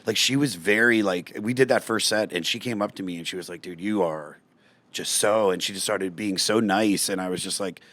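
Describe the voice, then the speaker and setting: A man's voice: low voice, fairly quick. A man, a comedian, chatting on a podcast and acting out quoted lines in a raised voice. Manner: animated storytelling, acts out quotes in a raised voice. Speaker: guest comedian. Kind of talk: casual podcast chat.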